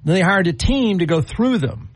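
A man's voice: high-pitched, expressive, normal speed, breathy edge, dry recording. A man co-hosting a radio talk show, chatting casually with a wry, incredulous manner and acting out little scenes. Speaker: radio co-host.

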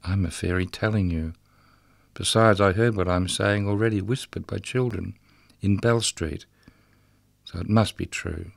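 Guy reading as a bitter mocking ghost of a drunk murdered guard, low gravelly voice, sing-song rhythm, dry sound. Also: fairly even intonation, measured pace, no room sound. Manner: rhythmic, incantatory delivery. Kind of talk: reading a dramatic monologue aloud.

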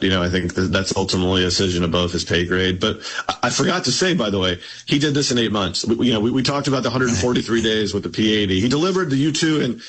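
A man with a low voice speaks as an author being interviewed. He explains at length and often restarts his sentences. A faint hum sits under the recording. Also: a bit bright, rough recording. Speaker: author guest.

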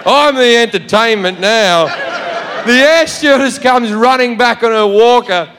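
A man's voice: extremely high pitch, measured pace. Brash, profane Australian man on stage. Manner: profane, brash, animated storytelling. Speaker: stand-up comedian. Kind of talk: stand-up storytelling. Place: live venue with audience. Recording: echoey hall with crowd noise.

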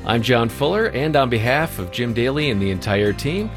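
A man co-hosting a radio show, reading the closing announcements with a smooth announcer delivery. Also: medium pitch, sing-song, moderate pace, music in the background.

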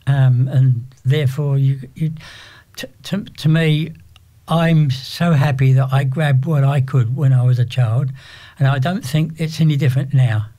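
An older English man talking as an interview guest, rambling and halting with frequent restarts. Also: medium pitch, steady tone, warm tone. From England. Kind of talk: casual interview.

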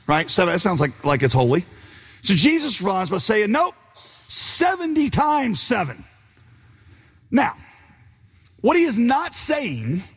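Man preaching, storytelling, husky slightly high voice, long hall reverb. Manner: storytelling, acting out characters' lines. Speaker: pastor. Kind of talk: sermon.

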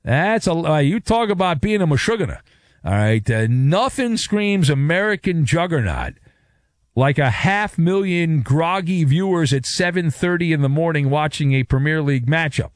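Sports radio host, man with a high-ish voice that swings all over, sarcastic and jokey. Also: no room sound, clean studio sound. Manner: wisecracking, sarcastic. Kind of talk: sports talk monologue.

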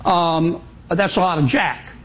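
A man's voice: fairly high pitch, slow. A man answering interview questions plainly, with some hesitation.

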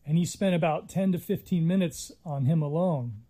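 Earnest middle-aged man, mellow voice. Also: on the high side, normal speed. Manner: earnest, reflective, with frequent restarts. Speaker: interviewee, Native filmmaker. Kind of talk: conversational storytelling interview.

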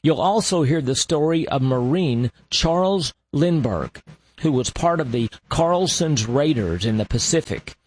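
A man hosting a radio show, narrating in a slow, deliberate way with long dramatic pauses. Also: on the high side, expressive, a little mellow, breathy edge.

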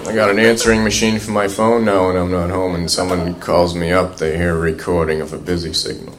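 Deep voiced deadpan comic guy, echoey club, loud crowd and noise. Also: brisk. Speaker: stand-up comedian. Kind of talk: deadpan one-liner stand-up.

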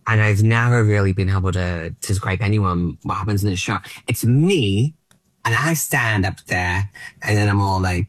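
Rambling Australian-born comedian, low voice. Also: male voice, moderate pace, no echo. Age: late 30s. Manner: rambling, full of likes and ums, playful. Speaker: stand-up comedian guest. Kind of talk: casual interview chat.

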